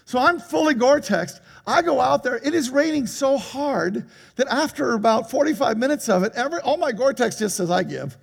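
Gravelly high-voiced older preacher. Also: male voice, brisk. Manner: animated storytelling with laughter. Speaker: pastor. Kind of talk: sermon. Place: church hall.

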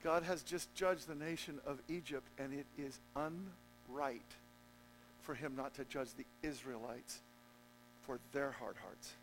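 A man preaching a sermon as pastor, joking with the congregation and swinging between loud emphatic peaks and low, quiet stretches. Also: fairly even intonation, unhurried, slight background noise, low-quality recording. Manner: jokey, conversational asides to the congregation.

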